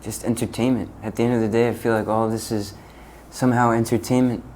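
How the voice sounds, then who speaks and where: A man hosting a podcast who muses slowly and reflectively in casual chat. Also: medium pitch, little pitch movement, a little mellow, a little hiss or hum, rough recording. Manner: slow, musing, drawn-out questions.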